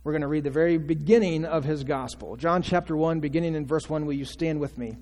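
A man's voice: on the high side, fast, a little mellow. A male pastor preaching a conversational sermon, asking the congregation questions and acting out quotes. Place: church sanctuary. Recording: long church reverb.

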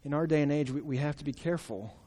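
A man preaching a sermon in an animated, exclaiming way, acting out the voices in his story, in a church hall. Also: on the high side, fast. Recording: long reverb of a large hall.

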